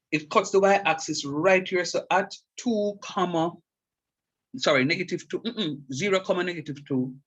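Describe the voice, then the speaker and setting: A middle-aged man lectures on calculus in a fairly high, husky voice. He keeps repeating his main point for emphasis and often stops to ask whether his students can see it. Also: fairly bright tone, rough recording. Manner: repeats key points emphatically and checks understanding. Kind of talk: classroom math lecture.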